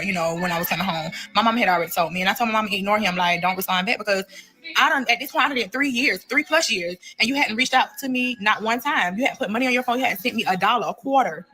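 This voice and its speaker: A woman's voice: medium pitch, pushed and bright. A woman telling her own prison story in a casual, blunt way, swearing freely with speech.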